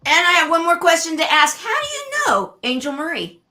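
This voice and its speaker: A woman co-hosting an online interview show, asking guests questions in a halting way, often searching for words. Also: very high-pitched, sing-song, bright, forceful tone. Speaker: show co-host. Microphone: video call.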